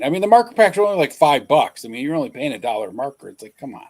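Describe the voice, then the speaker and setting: A man with a mid-pitched voice telling a work story on a home live stream. He talks bluntly, swears freely and sounds openly incredulous. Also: very animated, very fast, hardly any pauses, darkish tone. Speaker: co-host of a toy live stream. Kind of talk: casual storytelling chat. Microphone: streaming mic.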